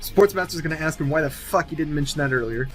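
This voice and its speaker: A man's voice: fairly high pitch, quick pace, soft background music. A man casually narrating an imagined film sequel, thinking aloud with many fillers and restarts. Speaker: movie sequel writer.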